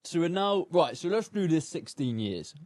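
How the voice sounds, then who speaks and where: A man's voice: fairly high pitch, very animated, normal speed, darkish tone, no room sound. Male podcast host, dry sound. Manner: prompting, teasing, sums up the story. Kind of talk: casual podcast conversation.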